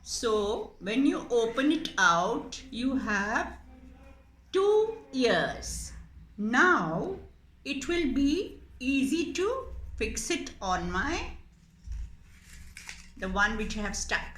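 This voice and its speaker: A woman speaks slowly and gently, explaining a paper puppet craft to children in a lively, sing-song voice. Her tone is high and bright, and she is recorded in an echoey room with a faint hum behind her. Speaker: puppet maker and storyteller for children.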